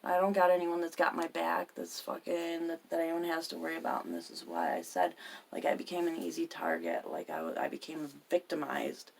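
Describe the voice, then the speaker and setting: A woman's voice: low voice, animated, brisk, vocal fry, a little mellow, slight background noise. A woman hosting a podcast, telling a personal story in a profane, emphatic way. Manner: profane, emphatic, swears constantly. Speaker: podcast host.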